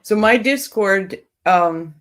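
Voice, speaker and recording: A woman's voice: medium pitch, animated, slow. A woman hosting a true crime livestream, chatting casually with viewers and reading their comments while coming down with a cold.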